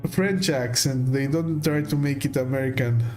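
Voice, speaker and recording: A man streaming a video game, chatting casually and explaining his thoughts with hesitant pauses. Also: medium pitch, a little mellow, soft background music. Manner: hesitant, many fillers and restarts, explaining. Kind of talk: casual chat while playing a game.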